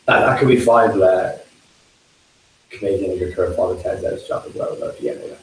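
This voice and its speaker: A man's voice: low-pitched, brisk. Young man telling a story, echoey. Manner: animated, quotes others in put-on voices, swears. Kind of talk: casual storytelling among friends. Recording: echoey room, mic far off, faint hiss.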